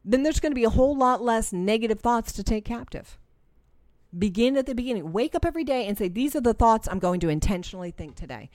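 A middle-aged woman teaching a faith-based group, animated and repeating herself as she acts out inner voices. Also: on the high side, quick pace, no room sound, clean studio sound. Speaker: Christian life coach. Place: room with a live audience.

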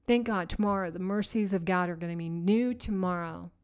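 A woman giving a conversational Christian teaching to women, energetic and emphatic, stacking repeated phrases and asking her listeners direct questions. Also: fairly low pitch, fairly quick, hardly any pauses, clear, resonant tone. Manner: energetic, repetitive, emphatic lists.

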